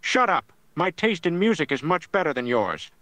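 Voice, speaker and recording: A man's voice: a little high, very animated, moderate pace, fairly bright tone. A text-to-speech voice playing a grumpy older man who scolds and bosses people around. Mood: scolding. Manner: scolding, bossy and easily annoyed. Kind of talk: text-to-speech chatbot character.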